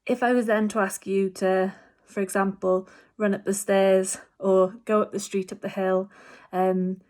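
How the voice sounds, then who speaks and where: A woman, a hospice physiotherapist, gently talking patients through a breathing exercise from home, with many fillers. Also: medium pitch. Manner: gentle, reassuring, explanatory with frequent fillers. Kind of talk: instructional talk to patients.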